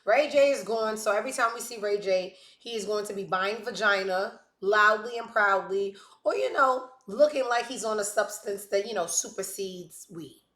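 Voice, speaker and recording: A woman's voice: mid-range voice, normal speed, few pauses, a bit bright. Brash woman hosting a gossip show. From West Indies. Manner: brash, sassy, joking asides. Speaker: host. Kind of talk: casual gossip commentary. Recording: echoey room.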